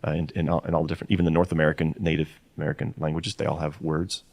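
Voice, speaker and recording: Deep fast-talking man, dry sound. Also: level tone, a little mellow, no echo. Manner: earnest, with repeated false starts. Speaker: guest on a creationist video. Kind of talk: earnest interview discussion.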